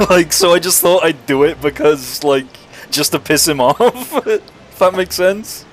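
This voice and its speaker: A young man streams a video game, his fairly high voice slow and accompanied by a little hiss or hum. He chats casually, telling stories with lots of laughter and swearing in a lively way.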